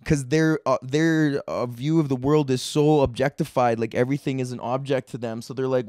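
A man's voice: mid-range voice, steady tone, normal speed, hardly any pauses, a little mellow, no echo, clean studio sound. A young man hosting his own comedy podcast, rambling in a laid-back, profane, slangy way. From Canada. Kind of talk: casual solo rant.

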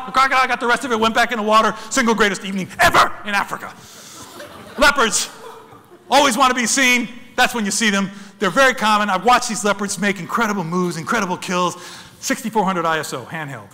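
A middle-aged man giving an animated, excitable storytelling talk about wildlife photography, acting out the animals in funny voices. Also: sits high, fast talker. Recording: long reverb of a lecture hall.

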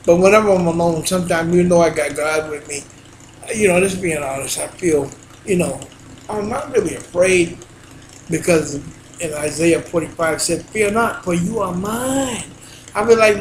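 Man preaching excitedly in a roomy space. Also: high voice, moderate pace, slight background noise. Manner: excitable, shouts scripture, folksy asides. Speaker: minister. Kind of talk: home video preaching. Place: alone at home. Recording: roomy echo.

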